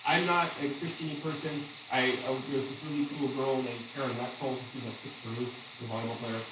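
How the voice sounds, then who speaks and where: A man teaching a class, telling chatty stories with asides and quick laughs. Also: medium pitch, steady tone, reverberant, background noise. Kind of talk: classroom lecture with anecdotes.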